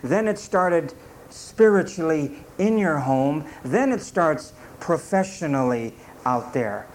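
A man preaching a sermon, reading scripture in slow measured phrases and then explaining it in plain, folksy everyday talk. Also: a little high, lively intonation, darkish tone, a little hiss or hum.

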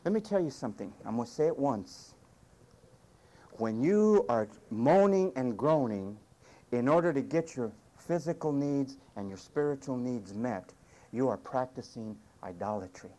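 Animated, punchy man preaching a sermon. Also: medium pitch, moderate pace. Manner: emphatic, punchy short commands; wry humor, mimics whiny complainers. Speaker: pastor.

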